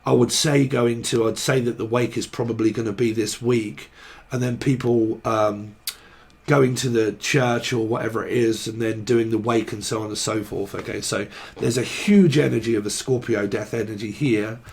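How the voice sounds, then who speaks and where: A man's voice: medium pitch, fairly even intonation, moderate pace, gravelly, darkish tone, husky. A man giving a casual, rambling tarot reading, free-associating and joking, with casual swearing. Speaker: tarot reader.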